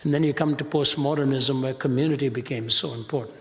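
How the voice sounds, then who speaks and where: An older man from India giving an emphatic, deliberate public lecture as a Christian apologist. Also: medium pitch, fairly even intonation. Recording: long reverb of a large hall.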